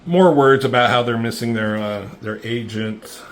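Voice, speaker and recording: Excitable, cursing man recapping a comic. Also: medium pitch, moderate pace. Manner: profane, excitable play-by-play with lots of fillers. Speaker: comic book reviewer. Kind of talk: casual comic book recap.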